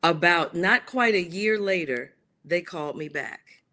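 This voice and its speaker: An author and playwright, here as a guest, relates a story with lively animation, switching voices to perform the quoted dialogue. Her pitch is fairly low and her pace unhurried.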